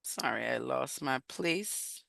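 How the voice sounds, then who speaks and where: Animated woman coaching a support group. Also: extremely low pitch, takes it slowly, creaky, dry recording. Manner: animated, encouraging, conversational, addresses group directly. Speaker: emotional wellness coach leading a support group. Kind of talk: faith-based coaching talk retelling scripture.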